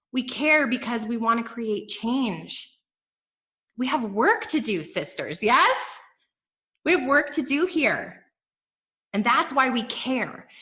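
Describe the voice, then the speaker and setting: A woman hosting a business podcast, giving energetic, emphatic motivational talk straight to her listeners. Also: a little high. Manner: energetic, emphatic, addresses listeners as "you guys". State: emotional, near tears. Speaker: podcast host and business coach.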